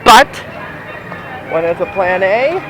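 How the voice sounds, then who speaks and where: A man's voice: high voice, lively intonation, slow pace, poor audio. A young man vlogging while walking outdoors in a theme park, rambling with restarts and slightly out of breath, recorded on a handheld camera. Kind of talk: casual walking vlog. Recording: outdoor camera audio with loud ambient noise.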